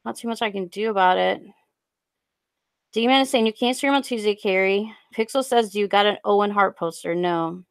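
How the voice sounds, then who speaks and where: A young woman on a casual live stream, rambling and halting with lots of fillers as she reads out viewer comments into a USB desk mic. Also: mid-range voice, vocal fry, clear, resonant tone, dry recording.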